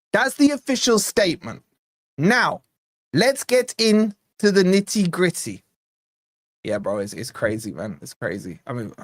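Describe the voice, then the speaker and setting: A sleep-deprived young man hosts a live football fan stream with brash, excitable, mocking banter. His voice is on the high side, and the recording is dry.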